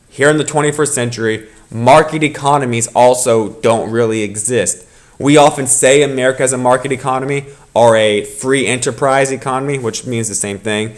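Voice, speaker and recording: Man teaching a recorded class lesson. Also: mid-range voice. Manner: explains patiently, repeats key points for students. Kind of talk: recorded classroom lecture video.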